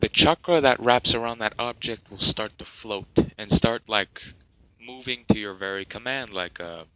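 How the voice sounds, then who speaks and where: A man's voice: lowish voice, moderate pace, bright, forceful tone, clear, resonant tone, rough recording. A man narrating an improvised fan story in a rambling way, with many fillers and restarts.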